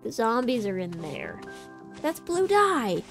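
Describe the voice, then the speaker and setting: A woman's voice: fairly high pitch, huge pitch swings, takes it slowly. A woman hosting a gaming channel, giving casual commentary as she plays and chatting playfully to the game. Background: faint game music.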